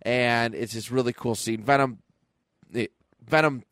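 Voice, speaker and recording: A man co-hosting a podcast retells a comic issue in loose, casual chat. He slips into quick character voices as he goes, at a middle pitch. The sound is close and dry, with no room around it. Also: steady tone, a bit bright, dry recording. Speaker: podcast co-host.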